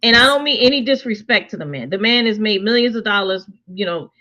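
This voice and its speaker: A woman's voice: mid-range voice, lively intonation, fast, bright, forceful tone, dull audio. A woman co-hosting a casual TV review chat, emphatic and opinionated, asking rhetorical questions. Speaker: co-host reviewing a TV show.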